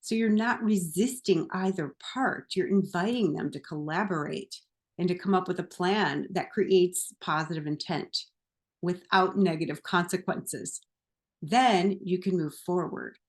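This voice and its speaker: A woman's voice: lowish voice, unhurried. A woman who works as a therapist and coach, speaking straight to the viewer in a chatty motivational talk, laughing often and leaning on "like" as she goes. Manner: chatty, animated, laughs often, uses "like" a lot. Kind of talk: casual motivational talk to camera.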